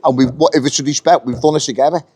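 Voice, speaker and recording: A man's voice: mid-range voice, steady tone, rapid-fire, warm tone. A middle-aged British man telling a workplace story in casual, blunt speech, swearing a lot and acting out the lines of others. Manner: blunt, heavy swearing, acts out quoted dialogue. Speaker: union member telling his story.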